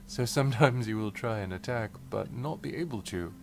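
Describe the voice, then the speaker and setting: Gravelly-voiced man playing a game. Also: mid-range voice, moderate pace, faint music behind. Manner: playful, chuckling, reads game dialogue aloud. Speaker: let's player. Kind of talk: game commentary.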